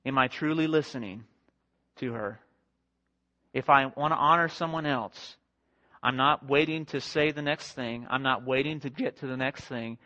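A man's voice: medium pitch, pushed and bright. Young male pastor, conversational sermon, lo-fi. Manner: conversational, self-deprecating, with quick acted-out quotes. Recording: dull lo-fi sound.

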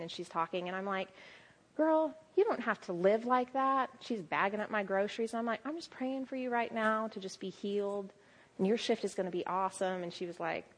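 A young adult woman preaching a sermon, telling stories with lively quoted asides. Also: mid-range voice.

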